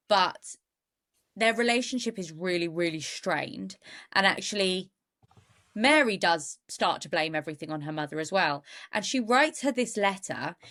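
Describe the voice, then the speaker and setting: A woman co-hosting a true crime podcast, telling the story in an animated, indignant way. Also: fairly low pitch. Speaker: podcast co-host.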